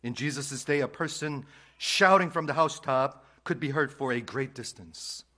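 Male pastor, sermon, mid-pitched voice, loud emphasis dropping to whispers, repeats phrases. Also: normal speed. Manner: swings between loud emphatic lines and hushed whispers.

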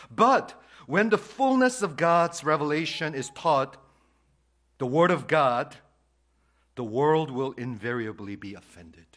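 A male pastor preaching a sermon, swinging between loud emphatic lines and hushed whispers, repeating key phrases for emphasis. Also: mid-range voice.

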